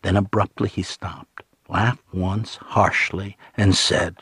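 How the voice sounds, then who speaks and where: A man with a husky voice, narrating an audiobook in a low, grave, hushed tone. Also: fairly even intonation, takes it slowly, no room sound, studio quality.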